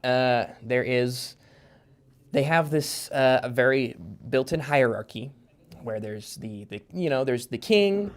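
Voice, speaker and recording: A man's voice: mid-range voice, takes it slowly. A man in casual podcast chat, a guest author explaining at length with lots of fillers and restarts. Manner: rambling, filler-heavy explaining.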